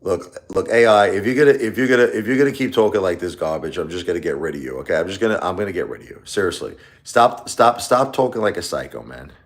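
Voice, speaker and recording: A man's voice: low voice, animated, fast talker, hardly any pauses. A man hosting a casual live stream, talking in a rambling, repetitive way and lashing out at his critics.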